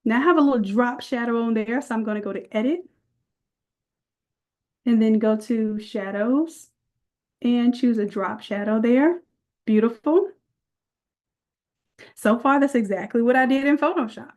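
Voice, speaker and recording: A woman's voice: a little high, measured pace, long pauses, darkish tone, muffled recording. A woman leading a live online design class, chatty and folksy, calling her viewers y'all as she walks through the steps. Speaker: design instructor.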